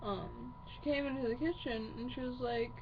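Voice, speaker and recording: A woman vlogger rants angrily to camera, swearing heavily and sounding fiery and upset. Her slightly high voice stays fairly even at a normal speed, in a muffled lo-fi recording with faint hiss.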